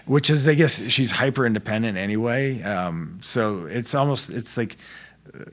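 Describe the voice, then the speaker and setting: A man's voice: mid-range voice, normal speed, fairly bright tone. A middle-aged man telling stories as a podcast guest, in a laid-back, slangy way that rambles with restarts. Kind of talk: casual storytelling chat.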